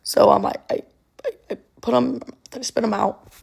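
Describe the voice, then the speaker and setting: Husky young woman with vocal fry. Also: a little high, steady tone, a little mellow. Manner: halting, many ums and restarts. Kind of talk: casual storytelling to camera.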